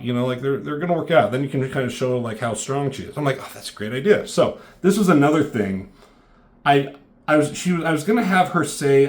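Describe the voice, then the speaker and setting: A man's voice: mid-range voice, lively intonation, brisk. A man casually talking through his own comic, swearing freely and acting out lines now and then. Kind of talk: casual commentary.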